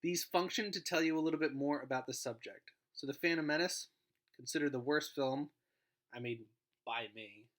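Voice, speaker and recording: A man's voice: fairly high pitch, moderate pace, a bit bright. A man giving a recorded grammar lesson as a guest teacher, explaining in an informal way and trailing off at the ends of phrases.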